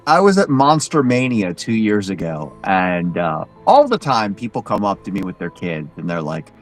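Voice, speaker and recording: Lively man telling stories. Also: deep voice, normal speed, faint music behind, rough recording. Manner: animated, acts out quoted voices, many restarts. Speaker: guest in Krampus costume, storyteller. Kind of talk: casual live-show storytelling.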